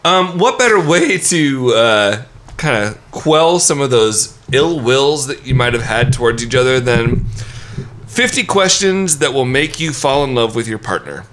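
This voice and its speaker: A man hosting a casual podcast, animated and laughing often as he asks his co-hosts questions. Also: medium pitch, unhurried. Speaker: podcast host.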